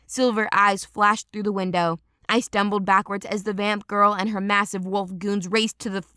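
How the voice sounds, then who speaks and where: A woman narrating a first-person audiobook in a steady, dramatic storytelling manner. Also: medium pitch, normal speed, few pauses, clear, resonant tone, no echo, clean studio sound.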